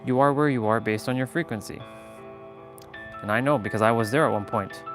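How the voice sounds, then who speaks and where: A man's voice: medium pitch, fairly quick, over music. A man hosting a casual motivational live stream, talking earnestly and rambling with lots of fillers and laughs.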